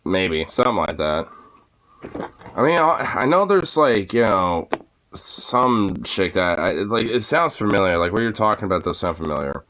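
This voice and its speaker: A man's voice: fairly low pitch, animated, normal speed, sharp tone, slight background noise. A man streaming casually, cooing baby talk at his dog and chatting with viewers, swearing freely. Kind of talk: casual chat.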